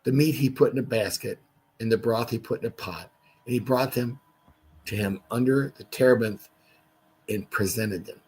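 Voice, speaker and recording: A man's voice: mid-range voice, normal speed, a little mellow, a little hiss or hum. A man hosting a casual livestream Bible study, reading scripture aloud and stopping for chatty asides.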